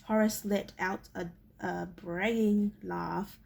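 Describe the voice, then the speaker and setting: A woman reading a novel aloud in a halting way, often stumbling and repeating words. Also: medium pitch, fairly even intonation, vocal fry, a little mellow, breathy edge. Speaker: reader.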